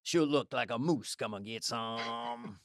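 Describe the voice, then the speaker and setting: A man voicing a deadpan redneck stand-up comedian, reading one-liners with slow, flat punchlines. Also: medium pitch, no room sound, studio quality, pitched below the performer's own voice, natural voice.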